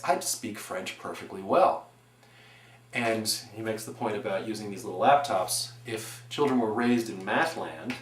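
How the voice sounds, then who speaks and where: A man in his forties giving an earnest, animated presentation on education, building his points with examples. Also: medium pitch. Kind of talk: explanatory presentation. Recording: echoey room.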